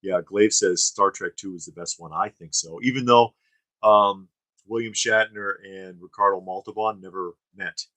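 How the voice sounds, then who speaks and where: A man's voice: low-pitched, fairly even intonation, moderate pace, pushed and bright, no room sound, low-quality recording. A man co-hosting a live stream, chatting casually and reading viewer comments, rambling with fillers and restarts. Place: studio.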